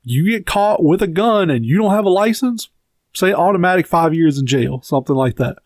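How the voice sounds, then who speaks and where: A man's voice: sits high, expressive, brisk, no room sound. A man with a Southern US accent co-hosting a podcast, giving blunt, profane opinions in casual chat. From Southern United States. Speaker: podcast co-host.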